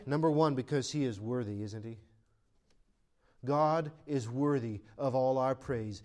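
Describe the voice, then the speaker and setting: High, animated male pastor preaching. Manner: animated, swings from loud proclaiming to quiet asides, laughs between points. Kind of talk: sermon.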